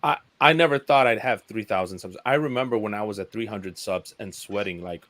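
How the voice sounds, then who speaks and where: A man's voice: on the low side, brisk, hardly any pauses. A man sharing his thoughts in a casual live stream chat, earnest and prone to repeating words. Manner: earnest, repeats words, mimics a dull flat speaker. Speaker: YouTuber guest.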